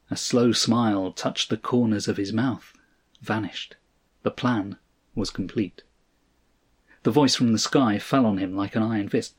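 A man narrating a science fiction story, reading in a steady, measured way. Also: on the low side, breathy edge. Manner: steady, measured reading, voicing each character.

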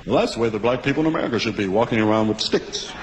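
A man's voice: on the low side, animated, racing, very noisy. A man performing a live stand-up routine, telling a loose, confiding story with plenty of profanity. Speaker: stand-up comedian. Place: comedy club stage. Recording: live club tape with a loud crowd. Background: audience laughter.

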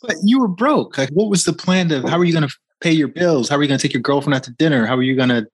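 A man's voice: on the high side, fast, husky. A male interviewer asking short, probing questions. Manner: probing, brief questions and backchannels.

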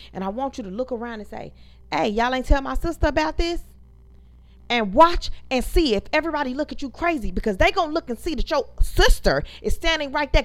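Gravelly-voiced woman venting in her thirties. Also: a little high, a bit bright. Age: 30s. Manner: venting, emphatic, profane, talks to viewers as y'all. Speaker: podcast host. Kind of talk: casual storytelling rant.

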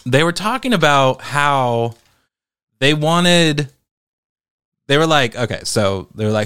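A man hosting a commentary podcast, talking in an animated, incredulous way. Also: mid-range voice, slow, long pauses, smooth, no echo, clean studio sound. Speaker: podcast host.

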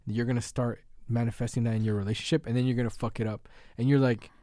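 A man's voice: medium pitch, little pitch movement, quick pace, hardly any pauses, dark tone, no room sound, clean studio sound. A man co-hosting a podcast in casual chat, earnest and rambling with lots of fillers. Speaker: podcast co-host.

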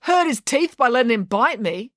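A hot-headed, trigger-happy male animal control officer with a shrill, panicky edge, as a woman reader puts him on. His voice leaps all over the place in this storybook reading. The sound is dry and close. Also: expressive, normal speed, fairly bright tone, dry recording. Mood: dazed. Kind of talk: audiobook character voice.

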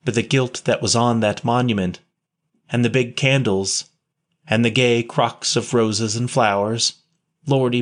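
A man reading a story, voicing a poor street boy who talks in rough slang with double negatives. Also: lowish voice, a bit bright, lightly acted. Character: ragged, shy street boy, near twelve.

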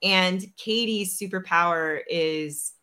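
Female podcast host, unhurried delivery, bright voice, lively storyteller who voices the people in her story. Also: on the low side, clear, resonant tone. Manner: animated, acts out quoted dialogue. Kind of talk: storytelling in casual chat.

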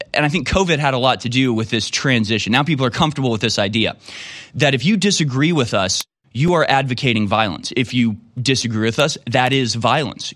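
A man's voice: mid-range voice, a bit bright, no room sound, clean studio sound. A man giving casual commentary on a clip in a sarcastic, emphatic way.

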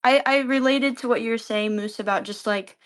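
A woman's voice: fairly high pitch, brisk. Easygoing woman podcast co-host. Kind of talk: casual podcast chat.

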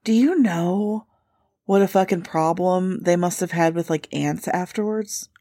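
A woman in her thirties co-hosting a podcast, talking in a loose, candid way and swearing freely. Her voice sits a little low for a woman. The sound is dry and close, with no room echo. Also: measured pace, mellow. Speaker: podcast co-host. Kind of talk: casual chat.

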